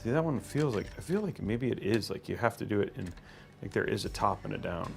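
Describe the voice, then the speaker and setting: A man chatting casually on a livestream as he builds a computer, his voice rising and falling in a lively way. He thinks aloud, trails off and starts over, and greets the chat between steps. Faint music plays quietly behind him. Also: on the low side, fairly quick, gravelly.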